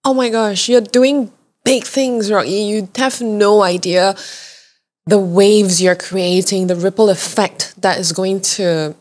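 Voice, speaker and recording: A woman's voice: medium pitch, slow, darkish tone. Earnest emotional woman podcast host. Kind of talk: emotional interview chat.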